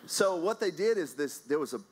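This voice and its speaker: A man preaching a sermon, telling a personal story in an animated, anecdotal way with frequent fillers and restarts. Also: on the high side, a little fast.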